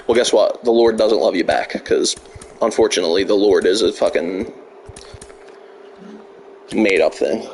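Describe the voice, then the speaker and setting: A man's voice: fairly low pitch, unhurried, long pauses, darkish tone, a little hiss or hum. A man live-streaming a video game, trash-talking a troll in chat with heavy profanity and sarcasm. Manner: profane, mocking trash talk.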